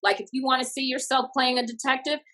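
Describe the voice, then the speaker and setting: A woman comedian from a small Texas town tells her stories with plenty of bounce. Her voice sits a little high and rings bright and forceful. She slips into the voices of the people she quotes as she goes. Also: quick pace, rough recording. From Tatum, Texas. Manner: lively, acts out quotes in bursts. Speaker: comedian and guest. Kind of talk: animated storytelling.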